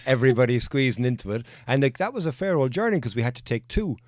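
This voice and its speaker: An Irish man hosting a podcast, responding in a relaxed, conversational way. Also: medium pitch, quick pace, no echo. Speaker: podcast host. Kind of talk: casual chat.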